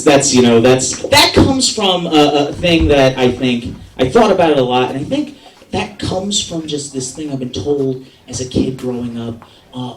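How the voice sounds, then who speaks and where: A young man does stand-up at an open mic, and his pitch swings widely as he rants and mocks himself. The sound is roomy and picked up from a distance in a hall. An audience can be heard around him. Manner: agitated, rambling, self-mocking with frequent laughs. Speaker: stand-up comedian. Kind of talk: stand-up comedy set.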